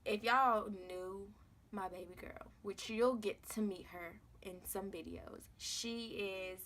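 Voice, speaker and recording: A woman's voice: mid-range voice, slow pace, a bit bright, slight background noise. Emphatic young woman. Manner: emphatic, conversational, slangy, repeats phrases for stress. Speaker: vlogger, mother sharing her birth story. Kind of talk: candid storytelling to camera.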